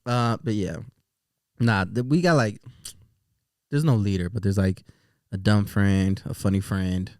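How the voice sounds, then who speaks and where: A man's voice: on the low side, unhurried, long pauses, no echo, studio quality. A man co-hosting a casual podcast, telling funny stories and laughing often. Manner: joking, animated storyteller who laughs a lot. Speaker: podcast co-host. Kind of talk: casual couple's podcast chat.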